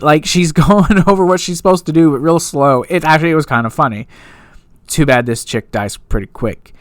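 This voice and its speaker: A man's voice: fairly high pitch, moderate pace, dry recording, studio quality. A man giving a casual, rambling recap and review of a TV episode, full of fillers and asides.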